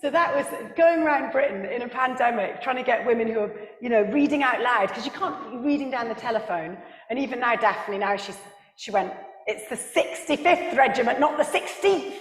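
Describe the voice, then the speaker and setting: A woman author speaking on a book festival panel, animated, with quick asides and laughter at her own stories. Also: on the high side. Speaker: author and historian. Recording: echoey hall with long reverb.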